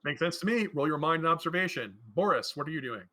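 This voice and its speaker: A man's voice: a little high, expressive, fast talker, sharp tone. A man running a tabletop game as game master, hesitant with many fillers and often laughing.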